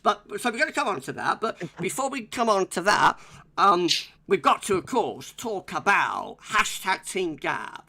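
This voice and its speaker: A man hosts a casual livestream, chatting in a rambling way with plenty of fillers and tag questions. His voice is bright and sits a little high, with a gravelly edge. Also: big pitch swings, normal speed. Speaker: livestream host. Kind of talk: casual charity livestream chat.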